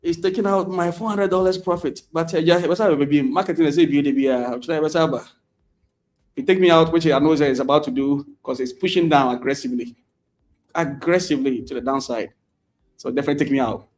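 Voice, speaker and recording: A man's voice: on the high side, steady tone, a little fast, darkish tone. A man doing casual live commentary on his trades, laughing often and repeating words as the market moves.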